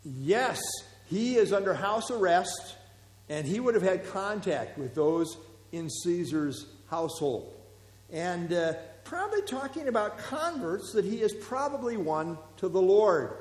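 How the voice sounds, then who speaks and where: A man preaching as a pastor, teaching verse by verse in a relaxed, conversational way with fillers and asides. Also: high voice, measured pace. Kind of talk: expository Bible teaching. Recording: echoey hall.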